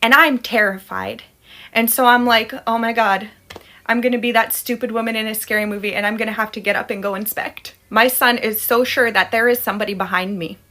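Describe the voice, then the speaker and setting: Woman, 30s, higher pitch, bright tone, casual spooky storytelling, dramatic. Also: fairly even intonation, brisk. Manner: dramatic, acts out her panic and quotes her toddler. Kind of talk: casual first-person storytelling.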